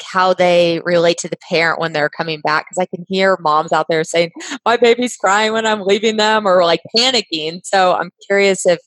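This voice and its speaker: A woman's voice: fairly low pitch, fairly bright tone, no room sound, poor audio. A woman hosting an interview, asking curious questions with some hesitation and fillers. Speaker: podcast host.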